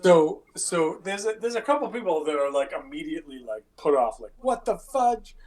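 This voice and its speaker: A man's voice: fairly high pitch, a little fast, darkish tone. A man running a tabletop game as game master, casual and profane, acting out scenes with sound effects.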